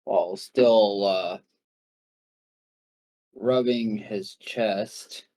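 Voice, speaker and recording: A man playing a tabletop game on a voice call, describing his character's actions in a slow, drawn-out way. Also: lowish voice, steady tone, dark tone. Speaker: player.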